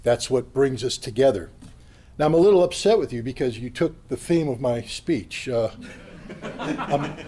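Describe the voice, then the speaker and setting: A man giving an impassioned, blunt political speech at a convention, sometimes rising to a yell. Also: medium pitch, animated, normal speed, slightly rough. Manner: blunt, combative, rising to yelling. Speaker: convention speaker. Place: convention hall.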